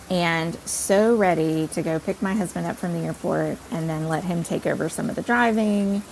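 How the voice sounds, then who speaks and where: A woman podcast host telling a personal story in an animated, self-deprecating way. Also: fairly low pitch, creaky, a little hiss or hum, low-quality recording.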